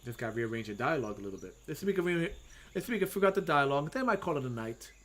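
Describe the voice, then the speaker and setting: A man and comic artist giving casual livestream commentary, thinking aloud as he draws with frequent pauses and self-talk. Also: fairly high pitch, sing-song, a bit bright. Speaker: comic artist streaming his drawing.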